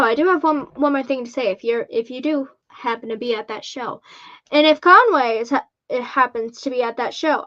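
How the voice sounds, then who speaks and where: Female interview guest, slightly high voice, lo-fi line, upbeat with filler words. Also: a bit bright. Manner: upbeat, halting with many ums. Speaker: wrestling guest. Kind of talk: casual interview chat.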